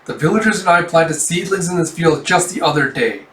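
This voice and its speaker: A man's voice: on the high side, animated, brisk, a bit bright. A man voicing an earnest young male lord who firmly protects his village. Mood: firm resolve. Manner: firm, dutiful declarations. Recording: roomy, distant mic.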